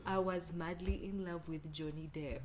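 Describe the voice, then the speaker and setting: A woman's voice: on the low side, steady tone, moderate pace, crowd noise. A young woman co-hosting a casual chat, candid and chatty with laughing asides. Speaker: podcast co-host.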